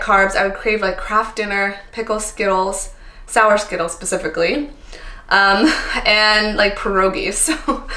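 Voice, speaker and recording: A woman's voice: medium pitch, bright, forceful tone. A woman in her thirties from Canada, chatting casually to camera as a vlogger, candid and tired, filling her talk with ums and likes. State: tired, a little emotional. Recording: echoey room.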